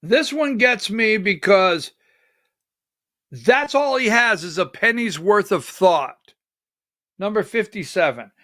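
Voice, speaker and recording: A man's voice: sits high, lively intonation, slow, long pauses, sharp tone, dry recording, studio quality. A man hosting a live political commentary show, agitated and exasperated, calling out instructions to his producer between remarks. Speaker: political talk show host.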